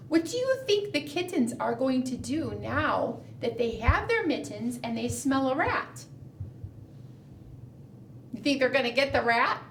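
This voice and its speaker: A children's librarian leading a preschool storytime, coaxing young children in an animated, encouraging way. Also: female voice, sits high. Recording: roomy, from a distance, faint noise.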